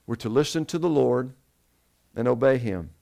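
A man's voice: mid-range voice, expressive, normal speed, vocal fry, warm tone. Man preaching a Bible sermon. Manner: questions the congregation and answers himself. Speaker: pastor.

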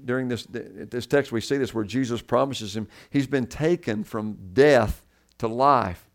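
Earnest male pastor repeating for emphasis. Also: mid-range voice. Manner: earnest preaching, repeats key words for emphasis. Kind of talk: sermon.

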